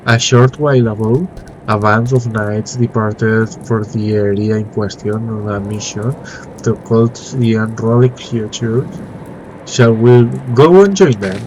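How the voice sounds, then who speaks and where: A man with a flu-stuffed nose reading out a formal, learned young male scholar's game dialogue in a plain, slightly halting voice. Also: fairly low pitch, steady tone, a little mellow, slight background noise, natural voice, rough recording. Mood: earnest.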